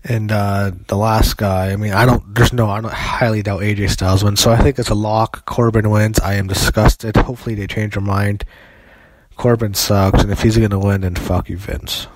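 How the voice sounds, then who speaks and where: A man's voice: on the low side, little pitch movement, moderate pace, no room sound. A young man reviewing a wrestling show in an opinionated, rambling, foul-mouthed way, often restarting his sentences. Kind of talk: casual solo review.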